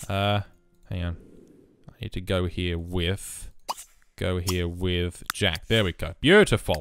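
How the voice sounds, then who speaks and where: A young man giving casual let's play commentary, muttering through menu choices with sudden loud bursts of excitement. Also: low voice, takes it slowly. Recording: noisy background with game rain.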